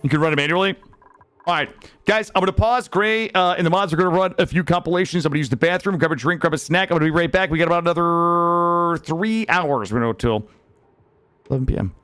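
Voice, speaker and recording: A man streaming live, giving excitable and loud gameplay commentary to his chat. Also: fairly high pitch, fast talker, clear, resonant tone, dry recording.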